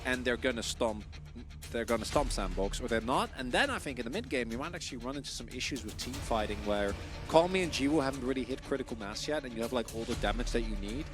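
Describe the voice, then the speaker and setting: Over game music, a male esports caster with a mid-range, animated voice breaks down the match in a relaxed, analytical way, always ready with a quick explanation.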